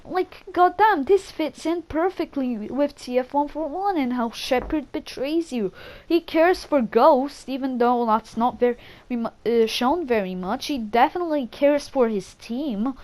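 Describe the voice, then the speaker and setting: A woman giving her casual, rambling opinions on game characters, excitable and swearing, often stopping to correct herself. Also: high voice, measured pace, rough recording. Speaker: gaming channel creator. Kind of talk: casual gaming opinion talk.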